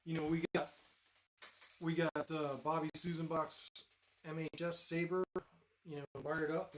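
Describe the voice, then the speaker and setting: A man's voice: fairly high pitch, noisy background. A man hosting a live stream, chatting casually and rambling with frequent fillers and restarts as he shows off his builds. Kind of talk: casual live-stream chat while demonstrating.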